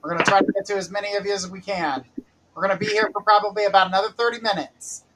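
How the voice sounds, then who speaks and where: A man's voice: high voice, fairly even intonation, rapid-fire, bright, forceful tone, slight background noise, poor audio. A man hosting live psychic readings on a stream, casually calling viewers by name to ask their questions. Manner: calls out viewer names from a list, jokes about mispronouncing them. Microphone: live-stream mic with glitches.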